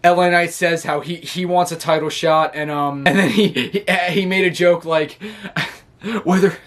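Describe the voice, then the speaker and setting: A man's voice: fairly high pitch, fairly even intonation, a little slow, fairly bright tone. Giggly rambling man recapping wrestling. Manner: rambling, laughs often, acts out quotes. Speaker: wrestling show reviewer. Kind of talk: casual recap.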